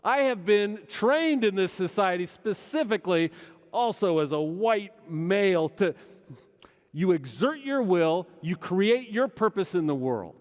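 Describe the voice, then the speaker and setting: A middle-aged male pastor preaching a sermon, swinging between loud urgency and hushed intensity. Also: high voice, lively intonation, a little slow. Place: large church sanctuary. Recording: long church hall reverb.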